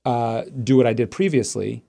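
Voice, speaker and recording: A man, a podcast host and father, calmly recounting a personal story in conversation. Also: medium pitch, moderate pace, creaky. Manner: reflective, recounting a parenting moment. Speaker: father of two daughters.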